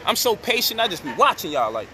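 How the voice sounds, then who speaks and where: Indignant man ranting with a bright edge. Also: high-pitched, very animated, quick pace, a little hiss or hum. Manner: indignant, profane, rising to near shouting at times. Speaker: online commentator addressing his audience. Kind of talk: heated direct-to-camera rant.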